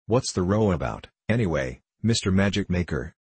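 A boastful, merry rag-doll girl full of sing-song rhymes bounces through her lines, as a man puts her on. Beneath the put-on brightness sits a husky grain, and the storybook reading is close and dry. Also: low voice, lively intonation, normal speed, no room sound. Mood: cheerful. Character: cheerful female patchwork rag doll.

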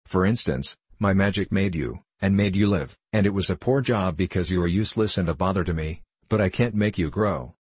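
A stern old magician from a storybook, read by a man, lecturing in a matter-of-fact way. The voice is deep and husky, recorded dry and close. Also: brisk, few pauses, darkish tone, no echo.

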